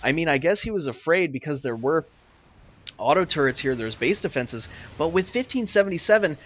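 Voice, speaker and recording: A man's voice: a little high, animated, fairly quick, highs cut off. Ranting man casting a live game. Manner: ranting, exasperated, swings between loud outbursts and muttered asides. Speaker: game caster and streamer.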